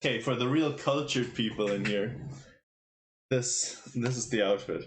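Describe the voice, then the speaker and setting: This medium-pitched man speaks at a measured pace while covering a chess tournament live. He's playful in a relaxed way, needling his chat and quizzing the viewers.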